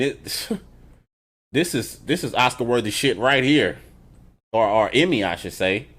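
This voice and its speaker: A man giving a casual reaction review of a TV episode, retelling scenes in an animated, profane way with chuckles between remarks. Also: medium pitch.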